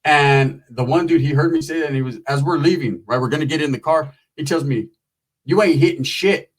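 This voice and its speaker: A man's voice: a little high, brisk, low-quality recording. A man doing stand-up comedy, telling a rambling, profane story and slipping into voices of the people in it. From Mexican-American.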